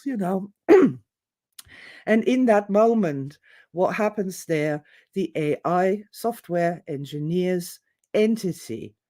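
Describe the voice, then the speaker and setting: Woman presenter, monologue, theatrical, digressive, mellow warm voice. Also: fairly low pitch. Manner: animated, theatrical, acts out quotes, digressive. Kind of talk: opinionated monologue.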